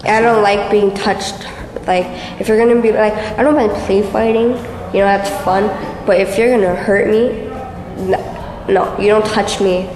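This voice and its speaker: A woman's voice: medium pitch, fairly even intonation, a little slow, a little mellow. A woman being interviewed for a documentary, speaking bluntly and matter-of-factly. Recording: echoey room with faint noise.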